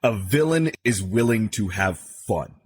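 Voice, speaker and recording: Podcast guest: male voice actor, lower register, lively and conversational, acts out little quotes. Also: normal speed, a little hiss or hum. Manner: animated, acts out quotes while explaining. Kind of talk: casual podcast chat.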